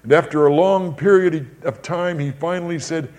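An older man preaching a sermon in an emphatic way, with big rises and drops in pitch and loudness, often repeating his words. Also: moderate pace, few pauses.

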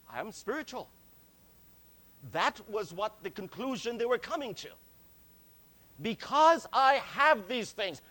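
A man preaching a sermon, slow and deliberate, stressing key words and calling his listeners friends. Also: sits high, a bit bright.

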